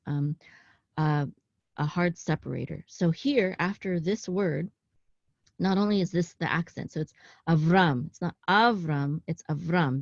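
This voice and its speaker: A woman with a deep, slightly mellow voice teaches Hebrew in a casual online class, explaining text on screen. She speaks haltingly, with frequent ums, self-corrections and "okay?" check-ins. The lo-fi recording is dull and dry, from a close room without echo.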